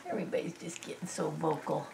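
A woman's voice: low-pitched, fairly even intonation, quick pace, gravelly, distant mic. A woman talking playful, cooing baby talk to her puppies in an indoor puppy pen, filmed on a handheld camera. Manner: cooing, sing-song and playful. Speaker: dog breeder filming her puppies. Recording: roomy with loud noise.

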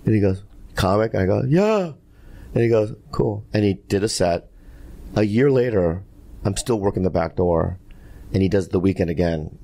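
A man's voice: fairly low pitch, lively intonation, normal speed, vocal fry, warm tone. A male podcast host telling a crude story loosely, laughing as he goes.

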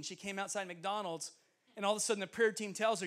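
A young guest preacher tells stories in a sermon from the stage of a church sanctuary, his voice high, bright, and a little fast. He laughs in bursts, voices the people in his tales, and stays animated in both delivery and tone the whole way.

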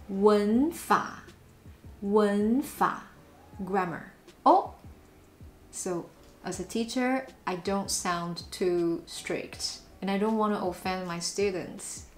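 A woman's voice: medium pitch, a little hiss or hum. A Taiwanese-accented woman, a native Mandarin speaker, giving a language lesson and repeating sample phrases with playful, exaggerated intonation. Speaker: language teacher. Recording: roomy echo.

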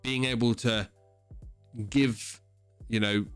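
A man's voice: mid-range voice, fairly even intonation, slow pace, fairly bright tone, clean tone, dry recording, soft background music. A man co-hosting a podcast in casual chat, blunt and teasing, with rambling explanations. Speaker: podcast co-host.

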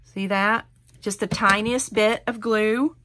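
A woman's voice: mid-range voice, fairly even intonation, slow, a bit bright. A middle-aged woman hosting a hands-on craft tutorial, talking viewers through each step in a chatty, encouraging way.

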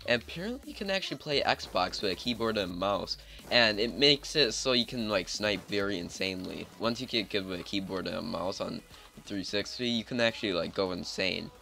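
A man's voice: lowish voice, lively intonation, brisk, vocal fry, bright, forceful tone, faint music behind. A man giving casual, rambling commentary over his own gameplay, talking in a chatty way and saying "like" a lot. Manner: rambling, chatty, heavy use of filler "like". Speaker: gaming channel host.

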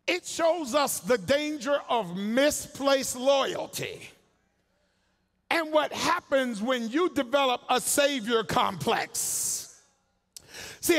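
A man pastor preaching a sermon, slangy, acting out the voices of Bible characters, rising into shouts and sung cadences. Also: extremely high pitch. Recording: long hall reverb.

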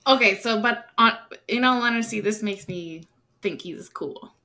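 A woman's voice: medium pitch, moderate pace, sharp tone. A young woman co-hosting a podcast, giving chatty, giggly commentary. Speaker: podcast co-host. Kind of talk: casual chat.

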